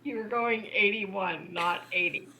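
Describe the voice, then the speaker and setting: A woman's voice: medium pitch, a little slow, background noise. A woman co-hosting a casual chat podcast, teasing and laughing as she reacts to stories. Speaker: podcast co-host.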